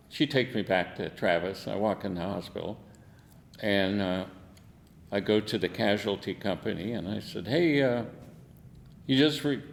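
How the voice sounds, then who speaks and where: A man's voice: on the low side, gravelly, in a large hall, slight background noise. An older man, a veteran, telling war stories in an oral history interview, salty and laughing, acting out the quotes. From United States.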